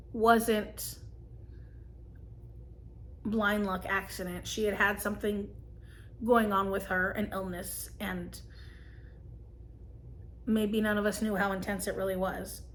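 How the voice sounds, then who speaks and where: A woman, telling a personal story and giving gentle, earnest advice to camera as a vlogger. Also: medium pitch. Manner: earnest, gentle, emotional at times.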